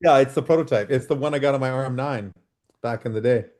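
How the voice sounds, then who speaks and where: A middle-aged man from Canada, a freeride mountain biker telling lively stories as a podcast guest over a video call and acting out the dialogue. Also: mid-range voice, fast talker. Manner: animated storyteller, acts out quoted dialogue. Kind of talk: casual storytelling interview.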